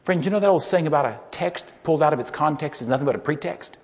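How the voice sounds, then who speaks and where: A man giving a sermon-style Bible lecture, telling stories emphatically and building to loud peaks. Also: a little high, quick pace. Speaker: lecturer, preacher. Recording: long hall reverb.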